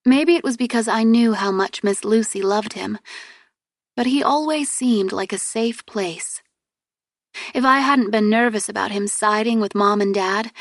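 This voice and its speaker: A woman narrating a novel in the first person, with clear, steady storytelling. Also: mid-range voice, no room sound, clean studio sound. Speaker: audiobook narrator.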